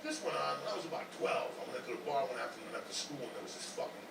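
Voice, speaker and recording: A man telling profane comic stories in loud, swearing rants broken by laughter. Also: medium pitch, animated, racing, vocal fry. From United States. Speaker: comedian telling stories on a podcast. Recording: noisy, roomy clip from a distance.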